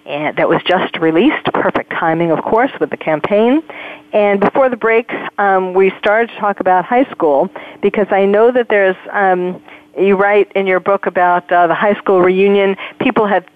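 A woman's voice: medium pitch, moderate pace, dry recording, phone-quality sound. A woman hosting a radio talk show, conversationally prompting her guest. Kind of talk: radio interview.

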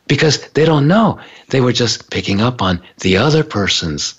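A man with a slightly husky voice talks casually about awareness and sensitivity, and his pitch swings widely as he acts out the inner voices of the people he describes. The recording is dull and lo-fi. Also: very animated, moderate pace. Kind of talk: casual spiritual talk. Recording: dull lo-fi sound.

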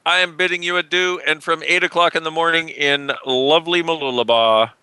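A man's voice: on the high side, fairly even intonation, a little fast, sharp tone, clear, resonant tone, no echo. A man co-hosting a call-in radio show, chatting in a playful, teasing way. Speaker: co-host. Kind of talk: casual radio chat.

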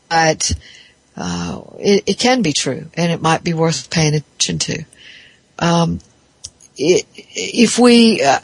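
A therapist talks through ideas in a thoughtful, explaining way, often stopping to restart a phrase. The voice sits at an ordinary middle pitch. The sound is close and dry, with no room echo. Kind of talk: reflective spoken talk on psychology.

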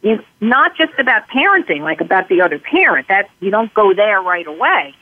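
A woman's voice: mid-range voice, normal speed. Woman explaining steps over a tinny phone line. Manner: calm, explains in numbered steps, acts out sample dialogue. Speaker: parenting expert guest. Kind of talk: interview answers.

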